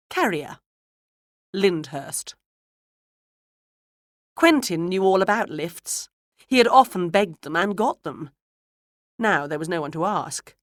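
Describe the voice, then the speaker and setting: A woman narrating a children's storybook in a measured, expressive way. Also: lowish voice, no echo, studio quality. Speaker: audiobook narrator.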